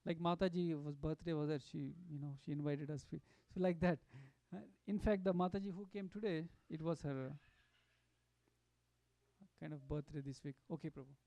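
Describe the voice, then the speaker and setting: A man giving a devotional storytelling talk at a satsang, animated and full of fillers and restarts. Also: a little high, normal speed, no echo. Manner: animated, acts out quotes, many fillers and restarts. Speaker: satsang speaker.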